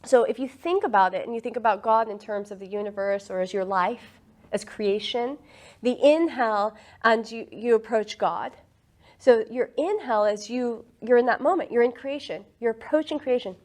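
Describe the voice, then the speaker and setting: A woman teaching a group about breathing and meditation in a relaxed, chatty way, often laughing. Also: a little high, moderate pace. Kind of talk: casual teaching talk to a group.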